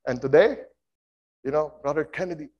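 A man preaching a sermon as a guest speaker, swinging between loud and soft and getting the congregation to join in. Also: on the high side, normal speed, muffled recording.

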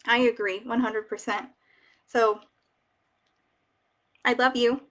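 A woman's voice: a little high, steady tone, slow pace, fairly bright tone. A young woman hosting a casual live stream, reading viewer comments aloud and chatting emotionally with many fillers. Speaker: wig shop ambassador hosting a live stream.

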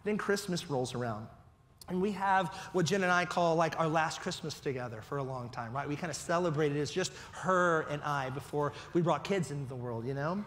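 A man's voice: on the high side, moderate pace, a bit bright. A man preaching a sermon as pastor, talking in a conversational way and often checking in with his listeners. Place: church hall. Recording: long reverb of a church hall.

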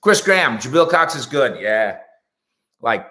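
A man's voice: medium pitch, big pitch swings, a little slow, pushed and bright. A man hosting a sports talk show, rambling through jokey stories and asides in a casual monologue. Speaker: sports radio and web show host. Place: indoors at home.

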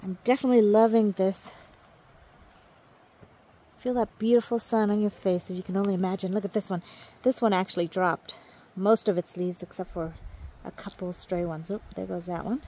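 A woman's voice: medium pitch, steady tone, normal speed, long pauses. A woman walking viewers through her home garden outdoors in a casual vlog, chatty and friendly, talking straight to the camera. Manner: chatty, warm toward viewers, coos baby talk at her dogs. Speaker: gardening vlogger.

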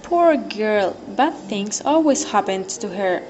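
A woman's voice: medium pitch, animated, takes it slowly, a little mellow, faint music behind. A woman commenting on a story in scripted stage dialogue, making blunt, matter-of-fact remarks. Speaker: onstage commentator.

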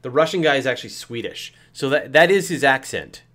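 A man's voice: mid-range voice, expressive, fairly quick, pushed and bright. A man hosting a casual movie-riffing chat, asking wry questions and laughing often. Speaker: host.

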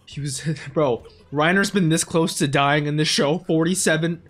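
A man reacting live to an anime episode, swinging between hushed dismay and loud excited outbursts. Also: fairly high pitch, normal speed. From United States.

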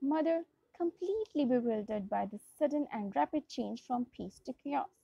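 A woman's voice: high-pitched, lively intonation, normal speed, creaky, warm tone, slightly rough, no room sound. A young woman with a Pakistani English accent, reading a storybook aloud to a class as their English teacher, often going back to restart a phrase. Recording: dull lo-fi dry recording.

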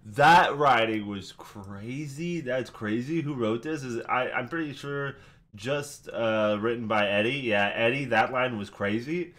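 Male reaction host, casual and excitable, breaks down lines as he hypes them. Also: mid-range voice, unhurried. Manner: excitable, swearing, hyping up lines.

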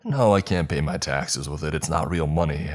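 A man voicing a gruff, curt older male shopkeeper in a narrated horror story. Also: very deep voice, moderate pace. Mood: brusque.

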